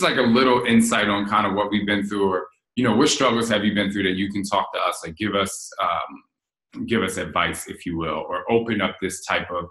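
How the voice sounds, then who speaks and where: A New Jersey man in his forties hosts a casual chat, his voice on the low side in a roomy, rough recording. He's candid and animated as he tells stories from his relationship.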